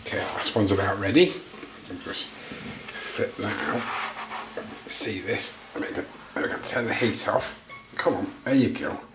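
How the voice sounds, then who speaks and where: A British man with a fairly low voice talks through a cooking demonstration in his home kitchen. He cracks self-deprecating jokes and keeps things casual. The room is echoey, with faint background noise. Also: unhurried, long pauses. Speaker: vlogger.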